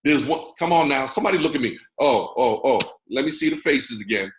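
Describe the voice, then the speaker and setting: American host, mid-pitched, preacher-style pep talk to a video call audience, echoey room. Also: male voice, a little fast, slight background noise. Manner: lively and preacher-like, teasing the audience directly. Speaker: network marketing mentor and host.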